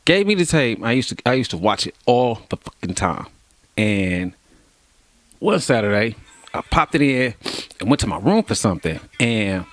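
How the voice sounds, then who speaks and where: A rapper from Kansas City, Missouri, USA, tells loose, laughing, profane stories packed with slang and cursing, in a laid-back way. His voice is on the low side and a bit bright.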